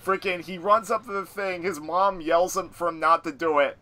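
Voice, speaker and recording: A young man chatting casually with a friend, animated and excitable. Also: high voice, moderate pace. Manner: animated, excitable, yells for effect. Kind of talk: casual chat.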